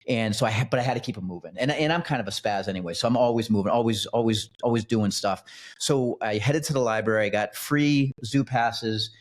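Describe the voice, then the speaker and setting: A man's voice: fairly low pitch, brisk. A man, a podcast guest who founded a nonprofit, telling his personal story in a casual, rambling way, often restarting and repeating words.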